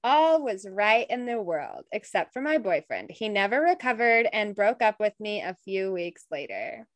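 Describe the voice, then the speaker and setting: A woman's voice: mid-range voice, normal speed, no room sound. A young woman co-hosting a casual podcast, reading listener stories aloud and laughing often. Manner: giggly, animated, laughs often while reading. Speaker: podcast co-host.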